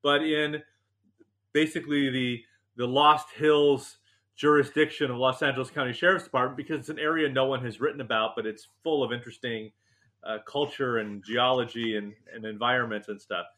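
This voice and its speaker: A male author recounts anecdotes with animated, joking self-deprecation. His voice is bright and forward. He talks at an average pitch for a man. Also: fairly quick. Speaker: novelist and TV writer, guest. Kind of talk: interview, anecdotal storytelling.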